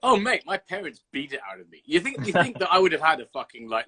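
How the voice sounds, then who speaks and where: A man's voice: on the high side, lively intonation, fast talker, hardly any pauses, pushed and bright, husky. A man from Birmingham hosting a casual interview over a video call, chatty and blunt, swearing freely. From Birmingham, England. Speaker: host.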